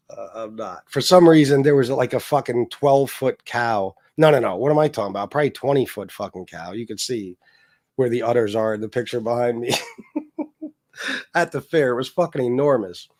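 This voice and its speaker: A man in his forties hosting a livestream, ranting in a heated, profane way that swings between loud jabs and low mutters. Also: moderate pace. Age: 40s. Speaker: livestream host.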